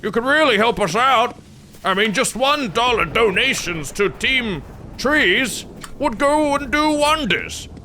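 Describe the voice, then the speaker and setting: A man's voice: very high voice, lively intonation, unhurried, bright, forceful tone, a little hiss or hum, pitched above the performer's own voice, exaggerated voice. A man voicing a pushy talking tree.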